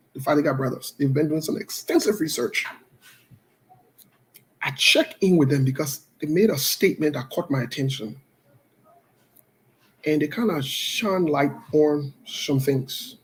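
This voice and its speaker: A woman host delivering political commentary, deliberate and emphatic, speaking directly to her viewers. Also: deep voice, poor audio. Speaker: show host.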